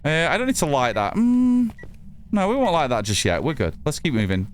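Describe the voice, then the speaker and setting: A man from northern England with a mixed northern English accent that sounds a little all over the place. He talks casually to his viewers while he plays, and he swears freely. His pitch rises and falls a lot, and there's a faint hum of room sound behind him. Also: huge pitch swings, brisk. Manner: chatty, reads chat aloud, swears casually. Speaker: streamer. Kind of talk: casual gameplay commentary.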